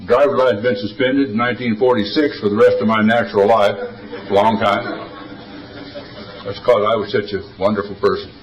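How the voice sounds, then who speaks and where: A man's voice: fairly low pitch, steady tone, moderate pace, reverberant, distant mic, low-quality recording. An older man speaking at a recovery meeting, telling stories in a folksy, wisecracking way. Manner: folksy, wisecracking, drawling storyteller. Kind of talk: storytelling talk at a recovery meeting.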